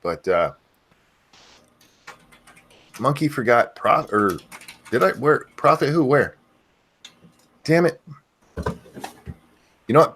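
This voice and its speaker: A man hosting a casual livestream who loudly yells out viewers' names, then drops back into loose, swearing chatter. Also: mid-range voice, big pitch swings, a little slow, long pauses. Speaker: livestream host.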